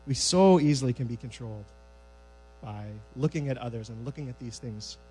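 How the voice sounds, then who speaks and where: A male preacher talks through scripture in a casual, conversational way, with a middle-pitched voice. He acts out the scenes with lively energy. A faint music bed and electrical hum sit under the recording. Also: fairly quick, poor audio. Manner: conversational, animated acting-out of scripture. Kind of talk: sermon. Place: church sanctuary.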